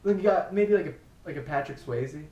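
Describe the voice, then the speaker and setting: A man co-hosting a casual chat show, animated and laughing, with swings between loud and soft. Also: on the high side, fairly quick, lo-fi sound. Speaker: podcast co-host. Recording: echoey room, off mic.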